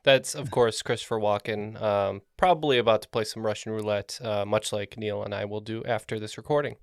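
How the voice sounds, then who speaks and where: A man's voice: on the low side, steady tone, fairly quick, dry recording, studio quality. A man co-hosting a trivia podcast, joking in a wry, teasing way. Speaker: podcast co-host and player. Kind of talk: casual podcast chat.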